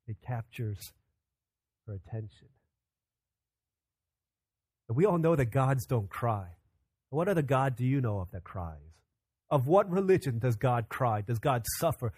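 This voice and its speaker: A young male pastor delivering a sermon. He climbs to loud, pressing questions, then falls quiet and gentle. His pitch sits in an ordinary middle range. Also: dry recording, poor audio. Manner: impassioned preaching, rising loud on questions, dropping soft on quotes.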